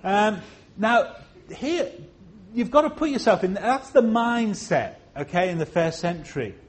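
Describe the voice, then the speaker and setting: A man from Liverpool with a faint Liverpool accent, preaching a sermon at a church service. He is expressive, slows down to stress phrases, jumps high for emphasis, and adds humorous asides. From Liverpool, England.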